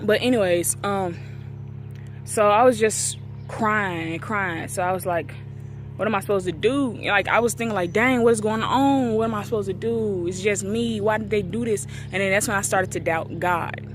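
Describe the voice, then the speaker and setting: A woman's voice: mid-range voice, moderate pace, slight background noise. A woman in her twenties tells a painful personal story in a casual vlog, recorded outdoors near a street. She acts out the things people said to her. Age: 20s. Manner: emotional, acts out quoted dialogue. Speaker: vlogger.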